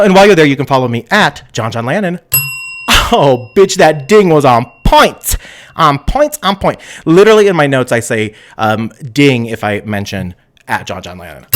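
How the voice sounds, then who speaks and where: A man hosting a live stream show in a campy, sassy, giggly way, chatting casually with his viewers. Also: fairly high pitch.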